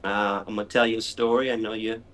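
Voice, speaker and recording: A middle-aged man telling a story in conversation, animated and excitable. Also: lowish voice, fast talker, slight background noise. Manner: animated, excitable storyteller who acts out his own shrieks. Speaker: animal rights speaker, guest.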